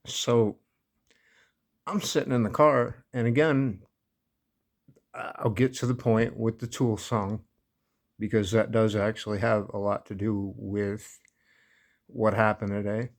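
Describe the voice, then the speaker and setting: A man's voice: on the low side, fairly even intonation, measured pace, pauses often. A man casually telling a personal story, laid-back and amused, often breaking into laughter. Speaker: vlogger.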